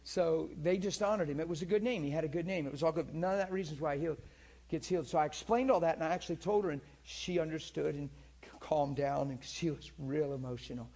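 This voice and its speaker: Husky, slightly high-voiced male preacher, lively and playful, storytelling sermon. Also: fast, hardly any pauses. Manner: lively, teasing, laughs often, swings from quiet to loud. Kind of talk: sermon storytelling about healings.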